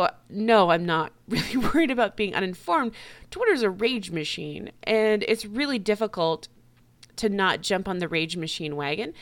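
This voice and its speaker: A woman hosting a podcast, ranting bluntly in a casual monologue, swearing often and laughing between points. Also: medium pitch. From United States. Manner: blunt, profane, laughing, animated. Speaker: podcast host.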